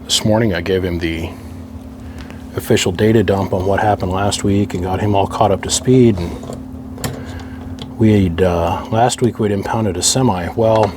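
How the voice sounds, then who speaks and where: A middle-aged radio hobbyist with a low voice talks to himself at normal speed while working on an amplifier, with a noisy background. His rambling is casual, wry and grumbling as the stubborn task fights him.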